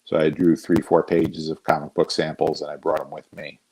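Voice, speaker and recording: A man from Northern New Jersey, a guest artist, telling a relaxed, self-deprecating anecdote in casual conversation. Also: extremely low pitch, moderate pace, a little hiss or hum, rough recording. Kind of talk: casual storytelling.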